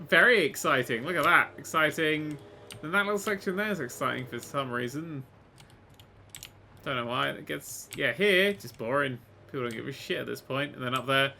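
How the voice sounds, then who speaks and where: A man giving casual let's-play commentary, excitable and sweary, swinging from quiet mutters to loud exclamations. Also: a little high, vocal fry, a little hiss or hum. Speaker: gaming YouTuber.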